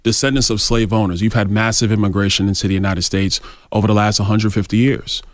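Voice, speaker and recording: A man's voice: lowish voice, flat delivery, brisk, no echo, studio quality. A male congressman guest answering interview questions in an assertive, argumentative way. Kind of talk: radio interview.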